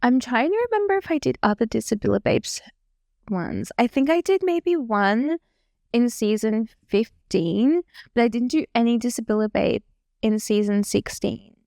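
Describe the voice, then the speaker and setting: A woman's voice: on the high side, lively intonation, moderate pace, vocal fry, a little mellow, no echo, studio quality. Chatty self-deprecating young woman vlogger. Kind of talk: casual reaction chat.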